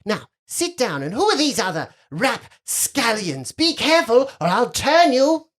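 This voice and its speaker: A woman's voice: fairly high pitch, sing-song, unhurried, pitched above the performer's own voice. A woman voicing a spoiled, bossy little girl wizard who talks in an imperious, whiny, sing-song way, in a tabletop game.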